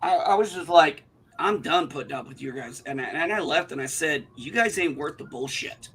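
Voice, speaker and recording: A man rants about a bad store visit. His voice is bright and forceful, and a little higher than most men's. He is casual, indignant and profane. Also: expressive, moderate pace, breathy edge. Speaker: livestream co-host. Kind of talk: casual chat, telling a story.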